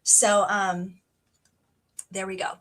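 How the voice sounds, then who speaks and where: A young woman hosting a casual book club livestream, chatty and excitable with lots of fillers. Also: medium pitch, slow. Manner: chatty and excitable, many fillers, reads passages aloud.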